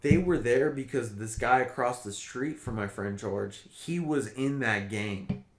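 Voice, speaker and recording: A man's voice: medium pitch, unhurried, faint music behind. A man co-hosting a podcast, telling a long story in casual, profane chat. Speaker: podcast co-host. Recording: roomy echo.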